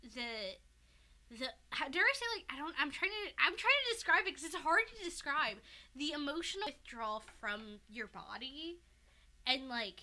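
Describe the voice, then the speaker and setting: A young woman talks through a story on a casual podcast, rambling and animated, with lots of filler words and swearing. Her voice is very bright and sits a little high. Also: moderate pace. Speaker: podcast co-host recapping a fanfic. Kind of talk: casual chat.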